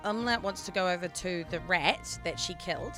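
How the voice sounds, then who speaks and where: A woman's voice: on the low side, normal speed, over music. A woman playing a tabletop game, describing her character's actions chattily with filler ums. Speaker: player.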